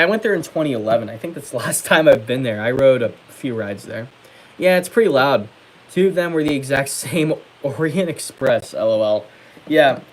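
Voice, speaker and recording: Young man, livestream host, chatty, reads comments aloud, medium pitch, faint background noise. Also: rough recording. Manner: chatty, reads comments aloud and answers them, many fillers. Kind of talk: casual livestream chat reading viewer comments.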